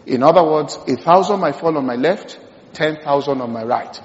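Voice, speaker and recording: A man preaches with emphasis, repeating his key lines and dropping from loud bursts to near hushes. His voice sits fairly high for a man. It rings through a reverberant church hall, captured with a dull, muffled quality. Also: moderate pace. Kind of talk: sermon.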